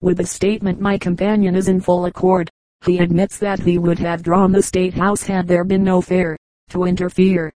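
A woman reading a travel memoir aloud as a volunteer audiobook narrator, in an even, unhurried way with light voicing of the dialogue. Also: fairly low pitch, dry recording, rough recording. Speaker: audiobook reader. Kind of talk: scripted narration.

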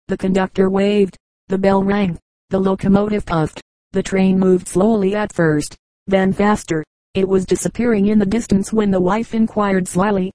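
A woman narrates short comic anecdotes in an even, measured storytelling way. Her voice is mellow and warm. The recording is dry and close, with no room sound around her. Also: mid-range voice, dry recording, poor audio. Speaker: audiobook reader. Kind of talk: scripted narration of humorous anecdotes.

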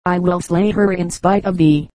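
A woman's voice: on the low side, steady tone, moderate pace, darkish tone, no echo, lightly acted. A woman reading the lines of a treacherous, jealous male knight with sullen, archaic speech.

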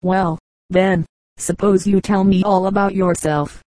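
A woman reading the lines of a friendly adult man, a cyclist who questions a runaway boy in a brisk, kindly way. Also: mid-range voice, steady tone, dark tone, no room sound, natural voice.

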